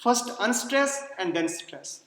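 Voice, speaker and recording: A man's voice: high-pitched, expressive, slow pace, a bit bright. A man giving a classroom lecture, explaining patiently, repeating key points and checking whether students follow. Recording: echoey hall, long reverb.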